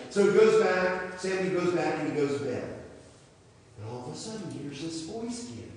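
A man giving a children's sermon as pastor, telling a story in an animated way and asking questions. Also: high-pitched, moderate pace. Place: church sanctuary. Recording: echoey church hall, mic far off.

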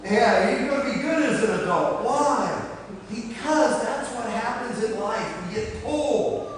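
A high-pitched man speaks slowly and playfully to children, as a pastor would. His voice rings through a large church hall with a long reverb. The mic sits well away from him, so he sounds distant. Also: expressive, background noise. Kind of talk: children's sermon. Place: church sanctuary. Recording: echoey hall from far off.

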